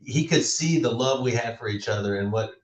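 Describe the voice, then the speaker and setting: A man's voice: medium pitch, brisk, reverberant, low-quality recording. A man, a former baseball player, telling family memories as a radio guest in a reflective way. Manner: reflective storytelling with laughs. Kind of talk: casual radio interview.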